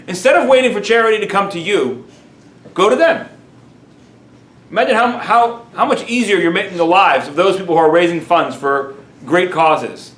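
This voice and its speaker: A man, a rabbi, teaching a lively class and telling stories, dropping in Yiddish and Hebrew words. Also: high voice, normal speed. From United States. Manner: animated storyteller, sprinkles Yiddish and Hebrew words, self-amused. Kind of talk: lively Torah class lecture. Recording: roomy echo.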